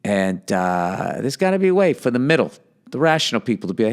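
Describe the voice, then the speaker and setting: A man's voice: medium pitch, very animated, quick pace, smooth. A middle-aged man hosting a podcast, ranting with profanity and sarcasm as he reads and answers listener mail. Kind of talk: casual podcast monologue.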